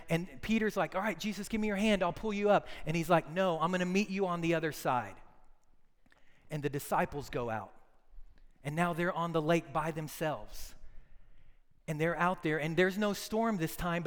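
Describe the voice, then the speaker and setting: Male pastor, high and clear voice, animated sermon storytelling, loud-to-hushed swings, church hall reverb.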